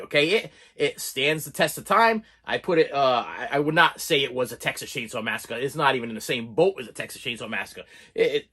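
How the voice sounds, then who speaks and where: A man giving a casual movie review, exasperated and animated, often repeating himself. His voice sits fairly high and bright, with a husky grain. His pitch swings widely as he talks.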